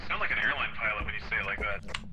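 A man goofing around and pitching silly ideas while playing a horror game with friends. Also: expressive, very fast, heavy background noise. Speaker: game player and guest.

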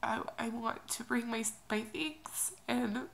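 A young woman talks through her worries in a tearful, halting vlog. Her voice is strongly gravelly and sits a bit high, and she keeps her delivery soft and hesitant. A faint hiss runs under the recording. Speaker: vlogger. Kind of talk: emotional personal vlog.

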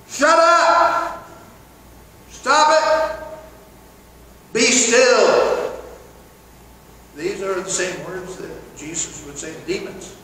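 A man preaching a sermon in a church, animated, acting out quoted lines in a loud voice. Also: high voice. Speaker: pastor. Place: church sanctuary. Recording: echoey hall from far off, noisy.

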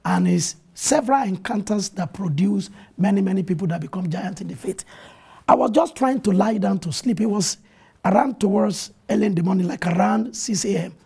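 Speaking in a TV studio interview, a pastor gives his testimony in a dark, mellow voice with a strongly husky, raspy grain that is also high-pitched and brisk. He preaches earnestly, quoting scripture and animatedly retelling events.

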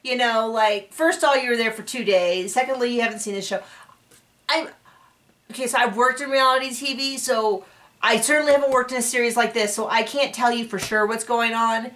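A woman's voice: on the high side, fairly bright tone, far from the mic. Sarcastic woman recapping a TV show. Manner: sarcastic, exasperated, mocks people in quick put-on voices. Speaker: recap reviewer. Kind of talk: casual TV recap commentary.

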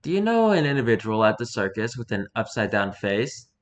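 A man voicing a calm male doctor who questions his subject in a quiet, measured way. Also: on the low side, pitched below the performer's own voice. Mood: probing. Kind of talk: reading an interview aloud in character.

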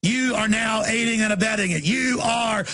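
A man hosting a talk show, delivering a furious, insulting ranting monologue with a gravelly, raspy voice. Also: high-pitched, moderate pace, bright, forceful tone.

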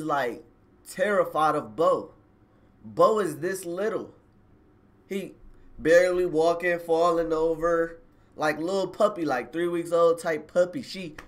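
Slangy man telling a story, higher voice. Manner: slangy, rambling, addresses viewers directly. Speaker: live streamer telling a personal story. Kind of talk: casual storytelling on a livestream.

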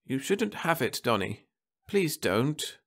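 A man voicing a weary middle-aged wife pleading softly at her dying husband's bedside. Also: mid-range voice, very animated, slow pace, vocal fry, voice pushed up, exaggerated voice. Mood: strained. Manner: soft, strained, pleading.

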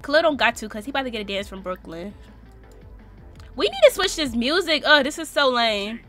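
A young woman casually commenting on her life-simulation gameplay, slangy and animated, reacting and laughing at what happens on screen. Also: fairly high pitch, fairly quick, faint music behind. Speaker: Sims let's-play host.

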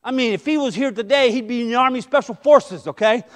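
A middle-aged man preaching a sermon as pastor, impassioned, swinging between loud emphasis and hushed asides. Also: very high-pitched, quick pace.

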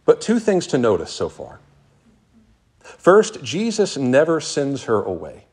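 A man preaching a sermon as pastor, reading scripture passages aloud with earnest, dramatic pauses. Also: medium pitch, huge pitch swings, breathy edge.

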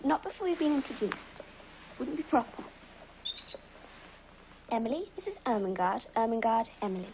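A woman's voice: a little high, big pitch swings, normal speed, long pauses. A young actress playing a polite, well-spoken, earnest schoolgirl in a 1980s television drama. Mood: gentle. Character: polite, poised schoolgirl heroine. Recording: very noisy 1980s TV soundtrack.

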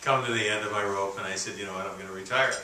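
A man in his sixties from Canada tells stories from a stage in a folksy, halting way, full of restarts. His voice sits a little low and sounds very bright. The recording is roomy and distant, with faint ambience behind him. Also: fairly even intonation, slight background noise. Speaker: keynote speaker. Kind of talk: storytelling speech. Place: conference hall.

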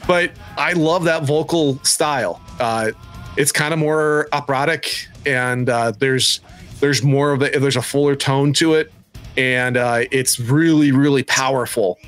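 A man's voice: mid-range voice, fairly even intonation, fairly bright tone. A man co-hosting a metal music podcast in casual chat, swearing freely and laughing often. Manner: profane, enthusiastic, quick to laugh. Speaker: podcast co-host.

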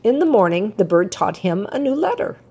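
Older woman, storytime reader, children's book, lively pitch, slightly breathy. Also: fairly quick. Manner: warm, expressive storytelling cadence. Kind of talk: children's picture book read-aloud.

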